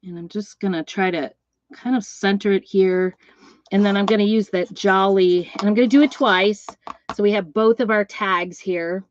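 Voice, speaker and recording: A woman's voice: mid-range voice, steady tone, moderate pace, no echo, muffled recording. Chatty middle-aged woman crafting. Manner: rambling, storytelling, talks while working with her hands. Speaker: craft seller and host. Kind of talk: chatty live craft demonstration.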